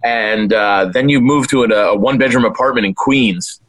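A man's voice: mid-range voice, normal speed, a bit bright, low-quality recording. A young man co-hosting a podcast in easygoing casual chat. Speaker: podcast co-host.

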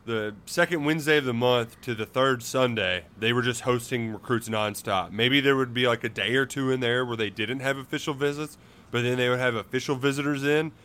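A man co-hosting a casual sports podcast from his home, with a mid-pitched voice. He talks in a hurried, halting way, with many ums and restarts. The tone is plain and conversational. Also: fairly bright tone, clean tone. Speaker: podcast co-host.

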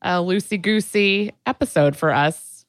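A woman co-hosts a podcast with a slightly nasal voice that sits on the low side. She jokes, laughs often and pokes fun at herself. The recording is dry and close, with no room sound. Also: unhurried, no echo. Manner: joking, laughs often, self-conscious. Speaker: podcast co-host. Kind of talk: casual chat.

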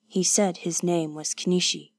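Lady reading as a grumpy old wood guy, blunt and scolding, lowish voice, dry sound. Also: fairly even intonation, moderate pace, dry recording. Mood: gruff. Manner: stern, blunt, lecturing. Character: gruff old male woodseller, blunt and scolding.

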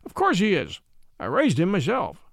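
A man's voice: high-pitched, huge pitch swings, moderate pace, creaky, no echo, clean studio sound, heavily acted. A man voicing a fond, blustery old uncle in a read-aloud story.

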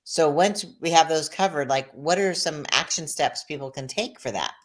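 A woman hosting an interview, asking questions and telling personal anecdotes with lively reactions. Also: sits low, normal speed. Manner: animated storytelling, reacting with short exclamations. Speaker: interview host. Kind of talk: conversational interview.

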